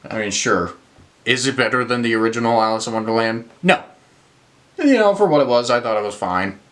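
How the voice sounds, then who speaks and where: A man's voice: mid-range voice, expressive, brisk, fairly bright tone. A young man reviewing films in a casual rant, exasperated, swearing and using lots of fillers. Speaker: movie reviewer.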